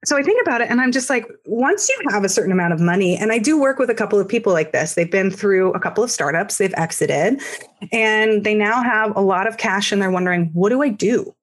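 Podcast guest, woman, mid-pitch, animated and frank storyteller; casual interview read. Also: fast talker. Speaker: guest, startup founder.

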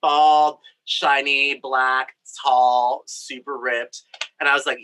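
A man's voice: mid-range voice, flat delivery, slow pace, bright, forceful tone, poor audio. A young man from Brazil, a storyteller with a campy, candid, playful way of talking, recording in a home craft studio. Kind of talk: personal storytelling.

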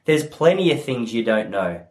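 A man in his thirties hosting a solo comedy podcast, rambling in a self-mocking way and slipping into quick character voices. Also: mid-range voice, very animated, darkish tone. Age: 30s.

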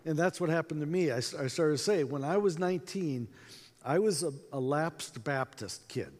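Animated male conference speaker. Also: a little high, normal speed. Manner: animated, acts out dialogue. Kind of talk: storytelling talk to a live audience. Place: conference hall. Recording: reverberant conference hall.

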